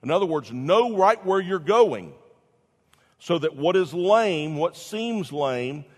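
A pastor preaching a sermon, telling a story with lively swings between loud and hushed delivery. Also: male voice, fairly high pitch, slow pace, big-room sound.

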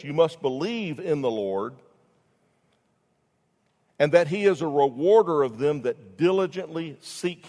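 Man preaching, kinda high voice, gets loud then quiet, long echo like a big church. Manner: swells loud for emphasis then drops low, restarts phrases. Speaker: pastor. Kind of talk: sermon.

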